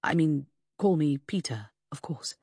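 A soft-spoken, courteous former army officer, voiced by a woman narrator, formal and a little sad in his audiobook scenes. The husky voice sits close on a dry mic. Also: a little high, expressive, unhurried, no room sound, heavily acted. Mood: gentle. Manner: formal and gentle.

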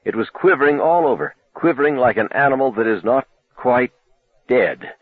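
Husky male audiobook narrator on a tinny line. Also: lively intonation, no echo. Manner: measured, low, dramatic storytelling. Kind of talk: first-person novel narration. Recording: tinny phone-like dry recording.

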